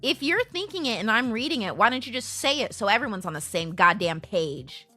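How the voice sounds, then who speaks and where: A woman live streamer chatting casually with her viewers, blunt and animated and swearing freely, into a streaming microphone. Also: fairly high pitch, fairly quick, soft background music.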